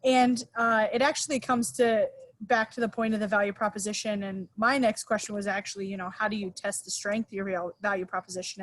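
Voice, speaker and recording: A woman's voice: medium pitch, no echo. A woman moderating a webinar. She passes audience questions to the speaker in a hesitant way with many fillers.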